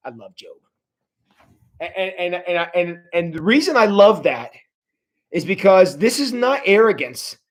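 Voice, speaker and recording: A man's voice: sits high, big pitch swings, unhurried, pauses often. A man leading a livestreamed Bible study as pastor, talking conversationally and often repeating words as he restarts. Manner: addresses viewers directly.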